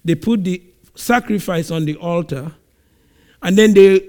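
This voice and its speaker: High-voiced man preaching animatedly. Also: measured pace, pauses often. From Nigeria. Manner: animated storytelling, acts out scenes. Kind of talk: sermon.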